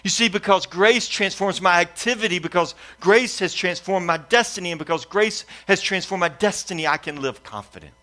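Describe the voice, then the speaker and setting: This sermon features a middle-aged pastor sharing a family story, voicing its characters and stacking his points in repeated lists with a repetitive preaching cadence. His high-pitched voice is bright and forceful, and he speaks briskly with few pauses.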